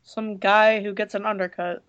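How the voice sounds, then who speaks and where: A woman co-hosting a casual movie review chat, hoarse from losing her voice, blunt and hesitant with many fillers. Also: medium pitch, flat delivery, moderate pace, fairly bright tone, highs cut off. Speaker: podcast co-host reviewing a movie.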